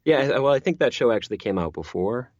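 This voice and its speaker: A man's voice: medium pitch, animated, fairly quick, a little mellow, dry recording, highs cut off. A man who narrates audiobooks, chatting as an interview guest, rambling with many restarts and repeated words. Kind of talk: casual interview chat.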